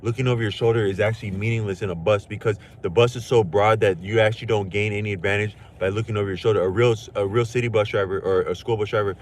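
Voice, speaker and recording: A man's voice: lowish voice, fairly even intonation, fast talker, hardly any pauses, a little hiss or hum. A man talking to his chat in a casual livestream monologue, rambling and slangy, with many restarts.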